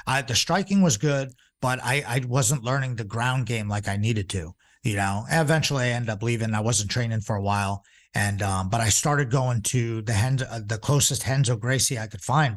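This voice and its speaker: A man in his forties, a jiu-jitsu instructor, telling stories in a casual, rambling way, with lots of fillers and restarts. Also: mid-range voice. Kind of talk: casual storytelling.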